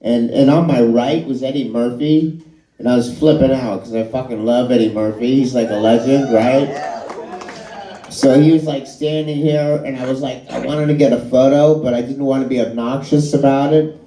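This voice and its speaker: A man's voice: medium pitch, steady tone, normal speed, warm tone. A middle-aged man doing stand-up comedy in a bar and grill, telling rambling, self-deprecating, profane anecdotes. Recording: echoey live room.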